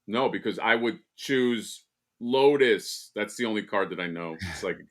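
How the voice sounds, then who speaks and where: A man's voice: fairly low pitch, moderate pace, fairly bright tone. A man co-hosting a casual live stream, rambling and joking with lots of fillers and restarts. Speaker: co-host.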